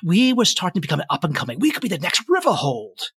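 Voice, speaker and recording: Whiny, dismissive mayor in a fantasy game, voiced a bit higher by a man. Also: wildly swooping pitch, quick pace, fairly bright tone, slight background noise, full character voice. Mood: exasperated. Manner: complaining, dismissive. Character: fretful, grumbling small-town male mayor.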